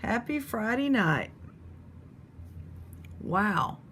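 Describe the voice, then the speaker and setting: A woman's voice: mid-range voice, big pitch swings, drawn-out words, a bit bright, slight background noise. A woman chatting casually to viewers as she sorts through a box of old jewelry and talks to her pet. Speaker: jewelry reseller host. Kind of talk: casual unboxing chat.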